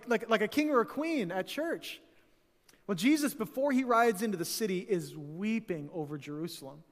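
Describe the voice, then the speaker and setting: A male pastor preaching a conversational sermon, full of fillers and repeats, swinging between loud excited bursts and quiet, earnest lows. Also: normal speed, long reverb tail. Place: church sanctuary.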